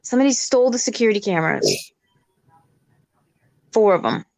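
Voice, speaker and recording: Female guest, lively anecdote-teller, mid-range pitch, dry sound. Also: normal speed, no room sound. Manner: animated storyteller, acts out sounds. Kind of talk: casual chat.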